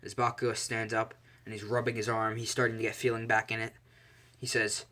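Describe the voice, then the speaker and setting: Bright-voiced casual male storyteller. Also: lowish voice, completely flat delivery, brisk. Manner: rambling, self-correcting with fillers. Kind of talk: casual fan-fiction narration.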